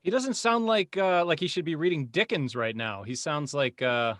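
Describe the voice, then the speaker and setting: A man's voice: a little high, moderate pace, a bit bright, dry recording. Dry, sardonic male co-host. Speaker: podcast co-host. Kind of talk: casual comedic commentary.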